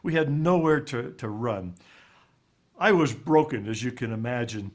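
A man, an author being interviewed, telling a personal story in a halting way, often repeating words, his voice dropping low and quiet on the painful parts. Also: expressive. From raised in Ivory Coast.

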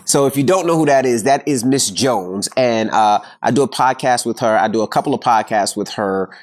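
A man's voice: medium pitch, a little fast. A middle-aged man hosting a podcast, chatting casually in joking, boastful banter. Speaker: podcast host. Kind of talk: casual chat.

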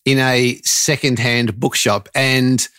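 Chatty podcast host. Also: male voice, mid-range voice, level tone, takes it slowly, fairly bright tone, clear, resonant tone, no echo, clean studio sound. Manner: friendly, rambling anecdotes, says mate. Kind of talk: casual interview chat.

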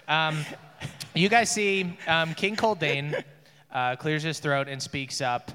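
A man's voice: a little high, steady tone, slow pace, bright, forceful tone, clear, resonant tone. A man narrating as game master of a tabletop game, casual and full of fillers. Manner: casual, filler-heavy, laughing. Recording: echoey room with long reverb.

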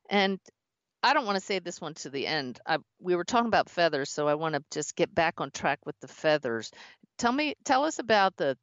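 A woman's voice: lowish voice, no room sound. A woman host who works as a medium, chatting in an encouraging way and steering the conversation. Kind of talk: conversational interview. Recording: dull, muffled audio.

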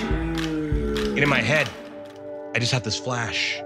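A man from Canada, telling a comic personal story on stage with dramatic swings from hushed to emphatic. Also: on the high side, a little slow, creaky, long pauses, over music.

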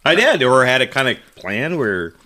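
A man's voice: medium pitch, big pitch swings, normal speed, bright, forceful tone. A man co-hosting a podcast, bantering crudely and playfully. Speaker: podcast co-host. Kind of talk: casual chat.

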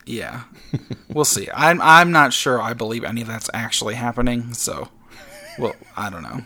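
A man's voice: mid-range voice, expressive, moderate pace, sharp tone. A man speaking as a podcast guest in casual chat, hesitant, with lots of fillers and laughs.

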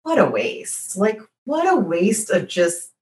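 A woman guest on a podcast who talks in an outspoken, animated way and laughs often while telling stories. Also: mid-range voice, slow. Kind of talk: casual chat. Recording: roomy echo.

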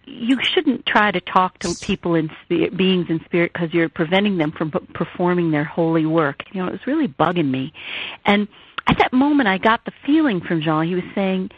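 A woman author and therapist, telling stories in an animated way and acting out the voices she quotes, heard over a phone line. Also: medium pitch, slightly rough. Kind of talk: storytelling interview talk. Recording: tinny phone line, dry.

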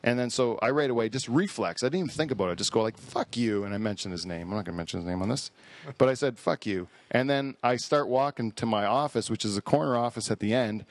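A man's voice: mid-range voice, fast, no echo. Profane, rambling male podcast host. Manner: profane, rambling storyteller who laughs at his own stories. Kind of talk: casual chat. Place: studio hall.

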